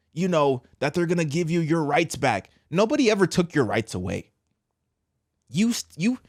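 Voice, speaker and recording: A man hosting a casual opinion commentary, talking slangy and direct, swinging between loud outbursts and quiet low asides. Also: big pitch swings, normal speed, no echo, clean studio sound. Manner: casual slangy address, says bro. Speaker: commentary host.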